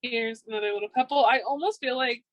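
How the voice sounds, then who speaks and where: A woman's voice: a little high, fast, dry recording, highs cut off. A woman giving a casual pick-a-card tarot reading, upbeat and chatty, with frequent ums. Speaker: tarot reader.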